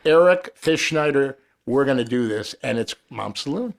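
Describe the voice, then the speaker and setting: A man's voice: mid-range voice, lively intonation, normal speed, creaky. A man in casual podcast chat, telling a long bar anecdote with profanity and acted-out quotes.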